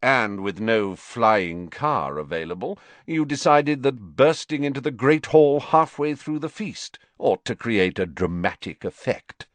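A man reading the part of a cold, sarcastic male teacher, speaking slowly and cuttingly. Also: medium pitch, animated, dry recording, natural voice.

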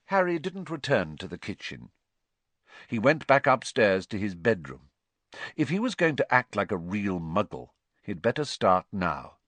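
A man reading a story aloud with an expressive, lively delivery. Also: on the low side, measured pace, no echo. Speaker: audiobook narrator. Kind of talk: scripted storybook narration.

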